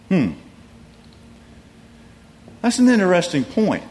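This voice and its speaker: Animated guy preaching, talky and loose, lots of restarts, voice swings up and down. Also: mid-range voice, takes it slowly, long pauses. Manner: conversational, animated storytelling with many restarts. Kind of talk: sermon.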